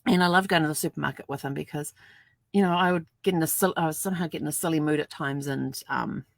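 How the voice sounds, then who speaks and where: A woman's voice: sits low, fast, vocal fry, no echo. An older woman chatting casually to camera at home, laughing often and acting out little dialogues as she tells stories. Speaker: vlogger. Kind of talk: casual storytelling vlog.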